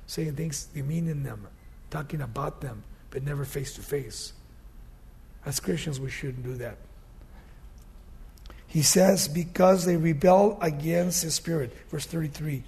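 A male pastor preaching a sermon, swinging from loud, emphatic scripture reading to quiet, conversational asides. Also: fairly high pitch, creaky, slightly rough.

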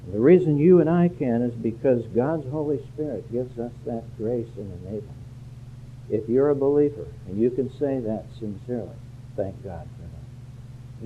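A man's voice: mid-range voice, a little hiss or hum. Earnest preaching man over a tinny line. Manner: earnest, rises to emphatic peaks. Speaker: pastor. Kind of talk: sermon. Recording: phone-like narrow band.

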